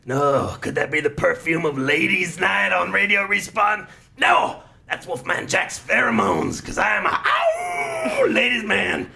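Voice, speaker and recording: Lewd radio DJ, gravelly, howling, high bright voice, wild swoops. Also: male voice, huge pitch swings, a little slow, heavily acted. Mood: leering. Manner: howling, growling lines, lewd bragging. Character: lecherous howling late-night male radio DJ. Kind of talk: parody radio DJ intro.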